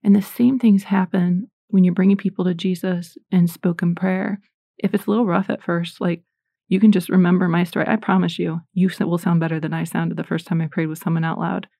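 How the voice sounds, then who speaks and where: A middle-aged woman giving a casual, animated Christian talk, chatty and self-deprecating. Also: on the low side, brisk, vocal fry, no room sound, studio quality. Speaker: Christian podcaster.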